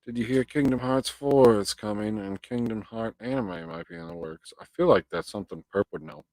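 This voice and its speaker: A man's voice: lowish voice, brisk, darkish tone, dry recording, poor audio. A man hosting a live stream, chatting casually with his viewers and reading their comments aloud, swearing freely and drifting into rambling rants. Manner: profane, rambling, ranting.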